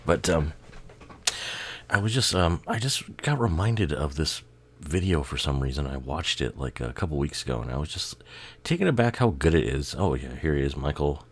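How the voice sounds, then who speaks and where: A man's voice: extremely low pitch, animated, normal speed, breathy edge. A man giving casual, rambling commentary over a music video, swearing and laughing, a bit tired and tipsy.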